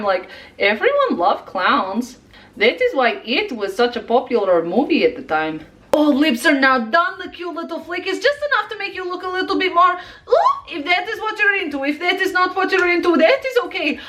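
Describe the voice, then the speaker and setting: A chatty woman talks through a casual makeup tutorial, rambling with plenty of fillers and playful theatrical flourishes. Her voice sits high and swings widely up and down as she hypes up the viewer. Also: a bit bright. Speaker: makeup vlogger.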